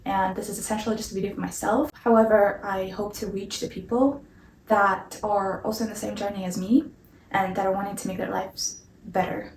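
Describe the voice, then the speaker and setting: A woman's voice: mid-range voice, steady tone, a little fast, a little hiss or hum. A young woman explaining an idea in a casual vlog, earnest and hedging, with repeated disclaimers that she is no expert. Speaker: vlogger. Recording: roomy echo, mic at a distance.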